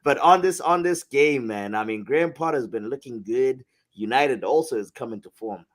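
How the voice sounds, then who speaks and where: A man's voice: mid-range voice, moderate pace. Boisterous man teasing his co-hosts. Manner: boisterous, teasing, repeats phrases for emphasis. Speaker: sports betting co-host. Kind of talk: casual podcast banter.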